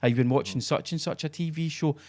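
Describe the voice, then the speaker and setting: A man's voice: fairly high pitch, quick pace, a little mellow. A Scottish man in his forties, co-hosting a podcast in sweary, mocking casual chat. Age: 40s. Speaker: podcast co-host.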